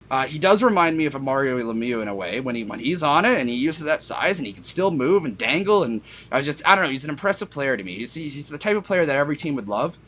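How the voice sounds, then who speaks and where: A man's voice: on the high side, fairly bright tone, muffled recording. A young man rambling through casual hockey commentary at home, self-deprecating and jokey, with a fan humming behind him. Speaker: hockey vlogger. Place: hot room at home with a fan running.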